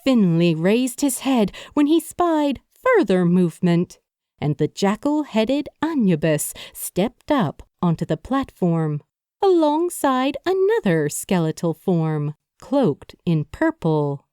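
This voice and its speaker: A woman narrating a supernatural romance audiobook with even, measured storytelling. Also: medium pitch, clear, resonant tone, no echo, clean studio sound. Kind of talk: scripted narration.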